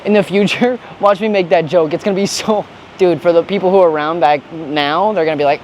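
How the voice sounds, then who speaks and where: A young man talks a gym vlog in a voice pitched a little high, ranting with sarcastic jokes and dropping swear words. Faint noise hums behind him. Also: fairly quick. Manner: joking, ranting, profane slang. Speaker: fitness vlogger. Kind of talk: casual gym vlog rant.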